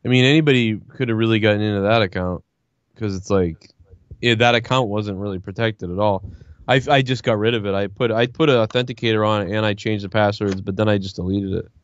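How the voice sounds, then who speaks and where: With a lowish voice and a brisk pace, a man streamer rambles through a profanity-heavy story in casual chat, quoting lots of back-and-forth exchanges. There's no room sound, but the recording is muffled.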